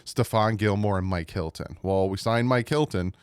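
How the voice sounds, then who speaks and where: A man's voice: lowish voice, normal speed, smooth, dry recording, studio quality. A man with a New Jersey accent hosting his own sports channel, giving casual, rambling commentary to viewers with frequent restarts. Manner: rambling, restarts, mild frustration.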